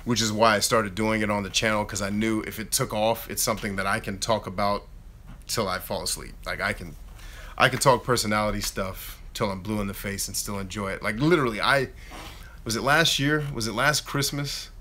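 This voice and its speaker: A man in his thirties hosting a casual live Q&A, chatting in an animated way and reading out viewer questions. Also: fairly low pitch, brisk. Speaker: YouTube host answering live chat.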